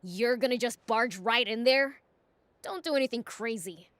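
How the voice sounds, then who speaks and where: A woman's voice: fairly high pitch, moderate pace, fairly bright tone, no echo, close to an everyday voice. A woman voicing a young male demon prince who loves motorbikes, speaking in a direct, curious way in a video game.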